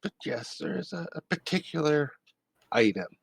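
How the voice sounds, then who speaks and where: A man voicing a reserved, space-born character who answers calmly and briefly. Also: fairly high pitch, creaky, slightly rough, dry recording, heavily acted. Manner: terse, calm, measured answers.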